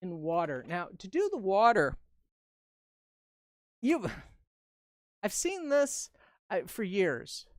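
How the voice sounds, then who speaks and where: A woman's voice: mid-range voice, very animated, slow, pauses often, dry recording. A woman giving a live-stream balloon-twisting tutorial, talking through each step in a chatty, upbeat way and joking with viewers. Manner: playful asides and jokes to viewers. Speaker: balloon artist and instructor.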